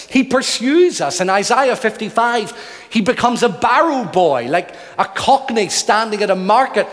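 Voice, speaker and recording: A man's voice: high-pitched, very animated, normal speed, a bit bright. A man preaching a sermon in earnest, building emphasis through repeated phrases. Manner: earnest, emphatic, rhythmic repetition. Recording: long hall reverb.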